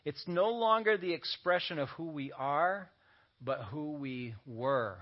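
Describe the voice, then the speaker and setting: A man's voice: on the high side, lively intonation, takes it slowly. A man preaching a sermon as a pastor, talking conversationally and slipping in joking asides. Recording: dull lo-fi audio recording.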